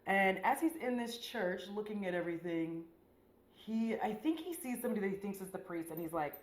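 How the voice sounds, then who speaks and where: A woman's voice: medium pitch, animated, brisk, echoey room, poor audio. A woman beauty vlogger chatting casually while doing her makeup, rambling in a slangy, profane way with lots of "like.".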